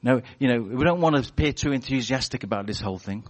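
A man giving a lively church sermon, chatty and animated, slipping into acted-out voices as he tells stories. His voice sits at an ordinary middle pitch. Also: fast. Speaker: preacher.

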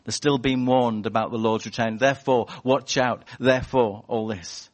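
A man preaching a sermon in a church, animated and chatty, telling stories and acting out voices. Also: medium pitch, normal speed. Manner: animated, storytelling with acted-out voices.

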